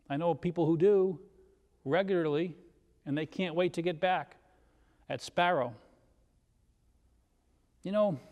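Brief: male preacher, high voice, relaxed and joking, asks the congregation questions. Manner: conversational, self-deprecating humor, rhetorical questions. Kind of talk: sermon. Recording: long hall reverb.

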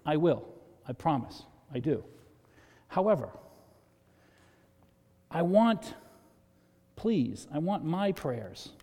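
A male pastor giving a conversational sermon, rising loud and high to drive points home. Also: gravelly. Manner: conversational preaching, swells loud and high for emphasis. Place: church sanctuary. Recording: long reverb of a church hall.

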